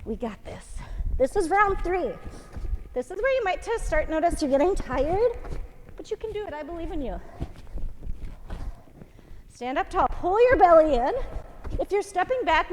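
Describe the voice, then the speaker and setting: A woman's voice: very high-pitched, big pitch swings, normal speed, pauses often, darkish tone, big-room sound, a little hiss or hum. A woman fitness instructor coaching a home workout, encouraging and counting reps aloud while out of breath. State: out of breath, winded.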